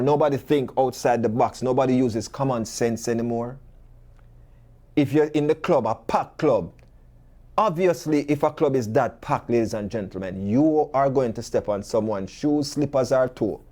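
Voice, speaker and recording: Jamaican male talk host, warm low-key tone, animated patois storyteller and preacher. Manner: preachy, full of rhetorical questions. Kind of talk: talk show monologue.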